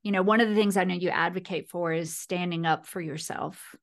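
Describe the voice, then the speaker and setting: A woman's voice: lowish voice, steady tone, a little fast, creaky. A woman hosting a well-being podcast, asking encouraging questions and speaking directly to her listeners. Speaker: podcast host. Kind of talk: casual interview.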